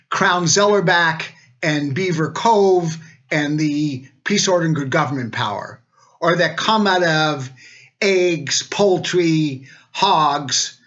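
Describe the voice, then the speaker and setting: A man's voice: a little high, a bit bright, muffled recording. An older man, a retired law dean, giving a wry, joking recorded greeting.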